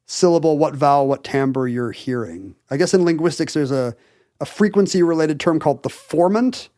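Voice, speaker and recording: A man's voice: a little high, lively intonation, moderate pace, warm tone, no echo, studio quality. A man co-hosting a podcast, explaining things in casual chat with lots of fillers and restarts. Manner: enthusiastic explainer, hedges with fillers. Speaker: podcast co-host.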